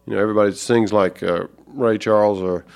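A man from Georgia with a Southern accent, an author talking as an interview guest, thoughtful and halting with many fillers. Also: on the low side, fairly even intonation, creaky, clear, resonant tone. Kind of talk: reflective interview talk.

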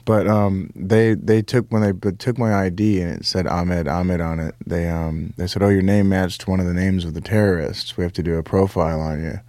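A man's voice: deep voice, moderate pace, hardly any pauses, no echo, clean studio sound. A young adult man, a comedian, dryly telling airport stories in a radio interview. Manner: deadpan joke delivery, laughs at own lines. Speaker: comedian guest.

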